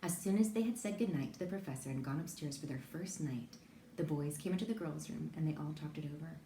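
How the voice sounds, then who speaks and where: A woman reading a children's novel aloud, telling it gently and with lively voices for the children. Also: low-pitched, fast talker. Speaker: reader. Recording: echoey room, faint background hiss.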